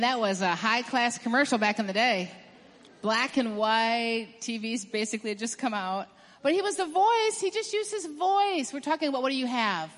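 A woman's voice: sits high, a bit bright. Emphatic woman preaching in a reverberant hall. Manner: emphatic, swings from quick bursts to drawn-out stresses. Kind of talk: sermon.

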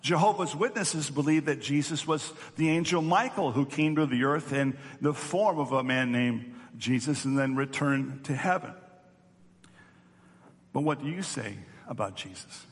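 A male pastor giving an earnest teaching sermon, often repeating words as he restarts. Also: fairly high pitch. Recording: long hall reverb.

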